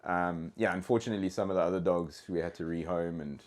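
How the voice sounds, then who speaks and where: A man with a South African accent talks as a guest on a casual podcast. His voice sits very low, and his telling wanders, doubling back with fillers and false starts. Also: steady tone, fast talker. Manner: rambling, with frequent restarts and fillers. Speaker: guest, dog trainer.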